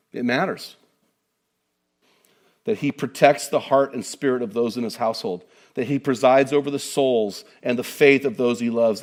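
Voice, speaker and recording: Middle-aged guy preaching, kinda high voice, chatty and upbeat, cracks jokes at the crowd. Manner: energetic, conversational, with joking asides to the congregation. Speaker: guest preacher. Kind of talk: sermon.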